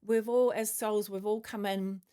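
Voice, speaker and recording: A woman's voice: medium pitch, fairly even intonation, normal speed, mellow, clean tone. Woman, casual spiritual monologue, rambling, lots of um and like, chewing a mint. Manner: rambling, filler-heavy, musing; chewing a mint while talking. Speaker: channeler sharing spiritual messages.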